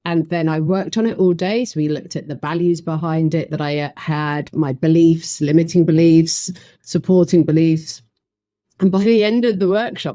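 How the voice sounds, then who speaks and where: A woman, a podcast guest telling her career story in an animated way, acting out what people said. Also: low voice, no echo, clean studio sound. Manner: animated, acts out quoted voices. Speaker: guest, facilitation trainer. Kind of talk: conversational storytelling.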